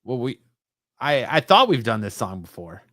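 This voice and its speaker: A male co-host chatting casually on a pop-culture podcast, his pitch rising and falling a lot as he ribs his partner. He pauses on ums and uhs in a teasing, easygoing way. The sound is dry and close, with no room echo. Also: sing-song, pushed and bright. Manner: teasing, drawn-out hesitations and fillers. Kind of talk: casual banter.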